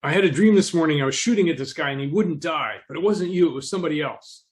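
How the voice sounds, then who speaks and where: A man's voice: fairly high pitch, animated, moderate pace, pushed and bright, pitched above the performer's own voice. A man re-enacting a panicked young male gunman who talks in frantic bursts while telling a story. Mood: rattled.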